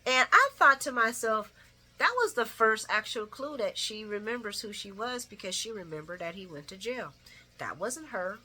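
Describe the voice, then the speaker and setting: A woman's voice: a little high, lively intonation, moderate pace, bright, forceful tone. A woman giving a casual late-night soap opera recap, blunt and opinionated, cursing freely and laughing often. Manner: laughs often while talking.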